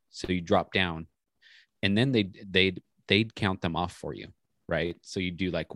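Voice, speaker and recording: Podcast co-host, male, very low pitch, dry close sound, rambling chatty delivery. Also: steady tone, moderate pace, a bit bright, no room sound. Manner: rambling storyteller, many restarts. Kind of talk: casual chat.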